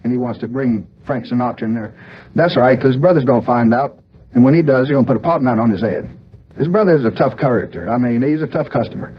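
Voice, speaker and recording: A man's voice: mid-range voice, fast, husky, dull audio, close to an everyday voice. A man playing a blustering older politician, talking in a folksy, rambling, agitated way.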